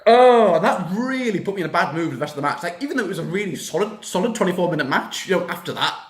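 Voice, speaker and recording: A young man ranting casually about a wrestling show in a reaction vlog, excitable and swearing freely. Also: sits high, racing. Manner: excitable, swears a lot, rants. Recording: echoey room.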